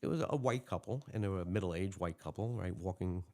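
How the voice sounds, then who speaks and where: A quick-talking retired police lieutenant. His voice sits a little low, and he rattles off animated stories, slipping into the voices of the people in them. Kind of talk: casual storytelling interview.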